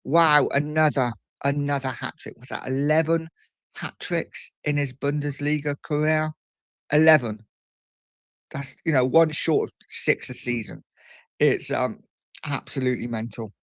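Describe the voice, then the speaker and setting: A man's voice: a little high, steady tone, measured pace, no echo. A man hosting a casual morning livestream, chatting and reading out viewer messages at a desk mic. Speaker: livestream host. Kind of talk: casual live chat.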